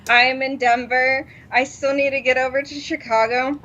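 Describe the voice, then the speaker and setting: A woman's voice: sits high, moderate pace, a little hiss or hum. A woman co-hosting a podcast, telling a story in casual chat, laughing often and acting out what people said. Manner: animated, laughs often, acts out quotes. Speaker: podcast co-host. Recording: dull lo-fi sound.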